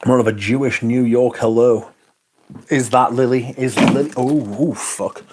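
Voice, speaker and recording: A man's voice: mid-range voice, fairly even intonation, a little slow, background noise. A man hosting a livestream, chatting casually and rambling through viewer comments with frequent chuckles and the odd swear word. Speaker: livestream host.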